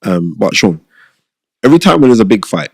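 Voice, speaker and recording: Animated British man, low dry voice. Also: a little fast, gravelly, no echo. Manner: animated, acts out quoted people in raised voices. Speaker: boxing promoter and pundit, guest. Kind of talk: casual storytelling interview.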